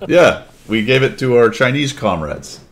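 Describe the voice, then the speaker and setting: A man's voice: mid-range voice, animated, normal speed, voice pushed up, natural voice. A man putting on a hammy Russian accent to play a boastful male comrade. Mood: mock boastful. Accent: put-on Russian.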